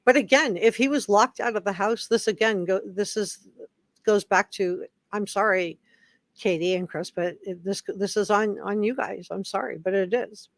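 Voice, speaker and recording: A woman's voice: medium pitch, moderate pace, no room sound, studio quality. A woman hosting a casual live stream, chatting with viewers and reading their comments aloud.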